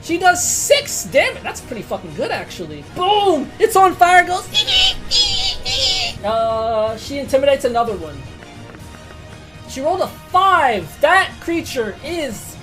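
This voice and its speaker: A woman narrating a tabletop game as game master, excitable, swearing casually and laughing often. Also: high-pitched, measured pace, music in the background.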